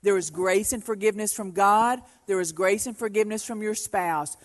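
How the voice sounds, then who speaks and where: A woman's voice: mid-range voice, normal speed. A woman, preaching in church about marriage in an earnest, heartfelt storytelling manner. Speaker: pastor's wife co-leading the sermon. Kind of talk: sermon. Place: church sanctuary. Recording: long reverb of a large hall.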